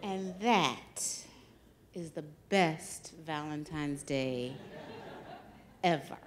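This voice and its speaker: A woman's voice: low-pitched, drawn-out words, crowd noise. A woman telling a funny true story on stage at a live storytelling night, laughing through her lines and swearing freely. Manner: animated, laughs through lines, salty language. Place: stage at a live venue with an audience.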